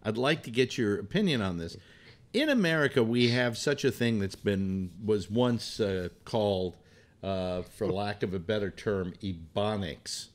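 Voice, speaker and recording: A man hosting a casual call-in show, rambling and halting with many restarts. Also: fairly low pitch. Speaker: host.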